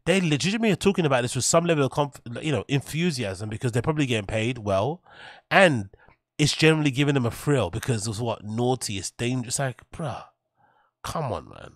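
A man's voice: mid-range voice, fast talker, no room sound. A man talks over clips in a blunt, scornful stream commentary, swearing freely. His voice sits in a middling register and sounds dry and close, with no room around it. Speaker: streamer reacting to videos. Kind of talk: casual reaction commentary.

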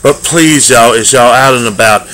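A man giving a daily devotional, earnest and homespun in manner, with loose everyday grammar and drawn-out emphatic phrases. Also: mid-range voice, pushed and bright, slight background noise, poor audio. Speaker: lay preacher. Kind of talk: folksy daily devotional sermon.

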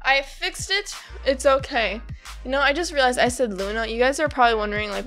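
A woman's voice: high-pitched, fairly quick, fairly bright tone, soft background music. A woman reading a comic aloud and reacting casually, bubbly and giggly, gushing about the characters and rambling with lots of fillers.

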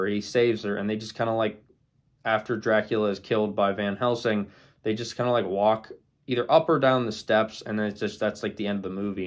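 A young man talking casually about old monster movies, rambling with many ums and likes. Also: on the low side. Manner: rambling, many fillers and restarts. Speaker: movie reviewer. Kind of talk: casual movie ranking talk.

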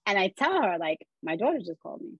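A woman's voice: medium pitch, big pitch swings, fast talker, husky, no room sound, lo-fi sound. A woman guest on a podcast telling her personal story, acting out the voices of the people in it.

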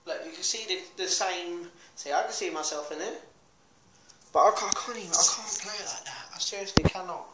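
A young man with a high-sitting voice rambles fairly quickly to camera in a vlog, chatty, scattered, and self-mocking, even talking to his dog. The room is echoey, with faint noise in the background.

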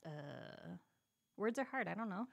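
A woman co-hosting a casual sermon recap chat, talking in a playful, expressive way. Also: mid-range voice, measured pace, vocal fry. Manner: playful and expressive, laughs easily. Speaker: podcast co-host.

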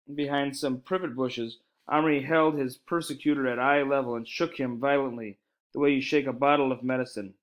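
Male reader, chapter-book narration, steady and expressive, mid pitch. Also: rough recording. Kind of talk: reading a children's novel aloud.

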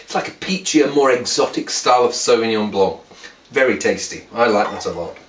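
A man's voice: medium pitch, lively intonation, a little fast, far from the mic. Casual, wry male wine vlogger, talking off the cuff in a roomy space a little away from the mic. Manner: chatty, wry, full of restarts and asides. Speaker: wine reviewer. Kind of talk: casual wine tasting video. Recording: roomy sound, voice a bit off mic.

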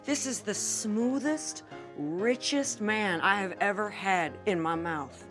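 A flirtatious sultry wife. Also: female voice, medium pitch, slow pace, a bit bright. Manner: flirtatious, suggestive. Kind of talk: improvised comedy sketch acting. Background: music.

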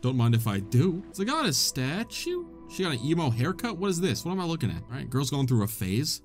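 A man's voice: on the high side, sing-song, a little fast. Guy cracking jokes over his gameplay, voice bouncing all over, faint game music behind. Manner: jokey, wisecracking, laughs a lot. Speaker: gaming channel host. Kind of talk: let's play commentary.

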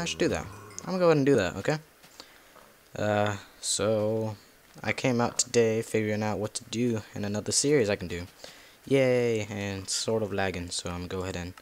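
A man giving casual, rambling commentary while playing a video game, talking to himself and cussing at the monsters. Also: on the low side. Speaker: gameplay video creator.

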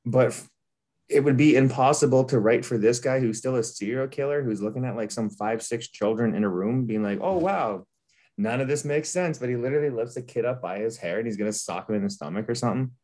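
A man's voice: medium pitch, fast, a little mellow. A man hosting a casual manga review chat, ranting with lots of profanity and laughter. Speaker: manga podcast host.

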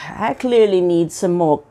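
A woman's voice: lowish voice, expressive, slow pace, dark tone. A woman hosting her own pipe-smoking vlog, chatting casually to camera in a rambling, self-mocking way with plenty of fillers.

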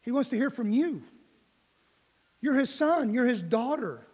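A man's voice: very high voice, sing-song, unhurried, darkish tone, slightly rough, big-room sound. A middle-aged male pastor preaching a folksy, conversational sermon in a church, with light humor. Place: church sanctuary.

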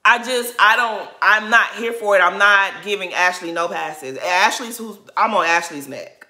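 A woman's voice: mid-range voice, normal speed, sharp tone, roomy sound. A woman giving an opinionated recap of a reality show, indignant and emphatic with repetitive rhetorical build-ups.

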